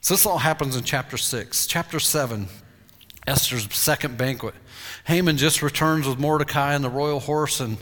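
A male pastor preaching a sermon, retelling a story in an animated storytelling way. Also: mid-range voice, moderate pace. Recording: long hall reverb.

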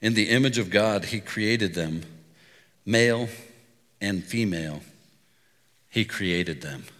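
A middle-aged pastor preaches in a bright, forceful voice that sits lowish, taking his time. He speaks like an easygoing, conversational storyteller, and his words ring out with the long reverb of a church hall.

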